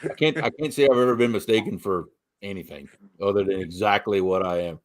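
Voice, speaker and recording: A middle-aged man from Louisiana with a softened south Louisiana Cajun accent, chatting casually as co-host and telling stories with animated asides. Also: fairly low pitch, a little fast. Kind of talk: casual chat.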